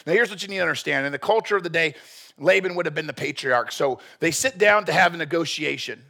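Male pastor, blunt and joking sermon delivery, husky gravelly voice, fairly high. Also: fast, bright, forceful tone. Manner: blunt, joking, earnest preaching.

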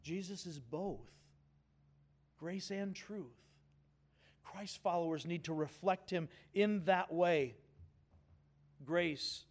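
High-voiced, slow-spoken preaching man. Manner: earnest, emphatic, with audience call-and-response. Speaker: pastor. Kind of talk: sermon.

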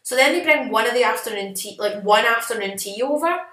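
A woman's voice: fairly high pitch, fairly quick. Sassy woman podcaster in echoey room. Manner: animated, sassy, self-mocking. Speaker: podcast co-host. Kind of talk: casual storytelling chat.

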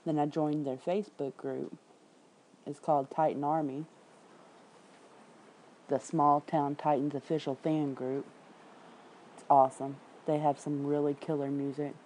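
A Memphis woman with a warm bass voice and a Southern accent livestreams casual chat over poor audio with slight background noise. The independent writer reads headlines and comments aloud, reacting with quick asides, blunt and freely profane.

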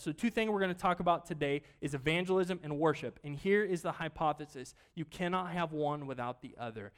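A man preaching a sermon in a church, talking casually, asking the congregation questions and swinging between loud bursts and quiet asides. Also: on the high side. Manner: conversational, asks the congregation questions. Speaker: pastor.

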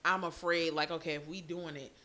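A woman's voice: sits low, fairly even intonation, fairly quick, sharp tone. A woman in her thirties hosting a frank, casual chat, candid and laughing often. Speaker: podcast host.

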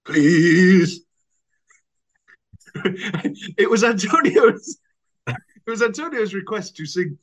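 Brief: lively male co-host, slow delivery, jokey and animated. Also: high-pitched. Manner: animated, joking, laughing often. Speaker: podcast co-host. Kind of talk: casual chat.

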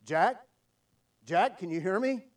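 A preacher voicing a calm, patient God. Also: male voice, sits high, slow pace, distant mic. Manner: calm, gently instructing.

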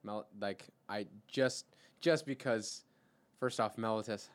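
A man playing a tabletop role-playing game, chatting casually and reasoning out loud. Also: on the low side, steady tone, slow pace, no room sound. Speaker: player.

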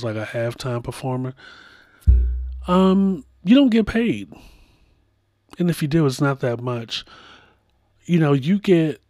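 Slow, animated man riffing on pop culture. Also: medium pitch, no room sound, clean studio sound. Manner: animated storytelling with playful impressions. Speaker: podcast host. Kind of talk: casual pop culture commentary.

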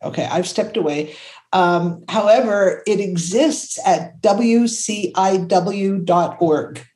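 An older woman from Canada, a creativity consultant, telling stories in an animated, conversational way and acting out the voices she quotes. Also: takes it slowly. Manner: expressive, acts out quotes, jumps to high pitch when excited.

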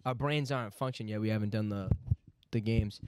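A man's voice: lowish voice, brisk, a little hiss or hum. A young man hosting a casual podcast, opening the episode and reading out the plugs. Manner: relaxed, reads out the show's plugs. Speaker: podcast host. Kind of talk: casual chat.

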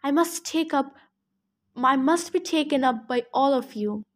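An ancient male nature god, gentle and full of sorrow, read by a woman in her own high voice. He speaks in a solemn, earnest way and takes his time. It sounds like a storybook read aloud. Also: unhurried. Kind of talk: reading a novel aloud.

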